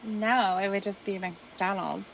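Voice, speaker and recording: A woman's voice: medium pitch, steady tone, slow, vocal fry, slight background noise, poor audio. A woman co-hosting a stream in casual chat, teasing and giggling.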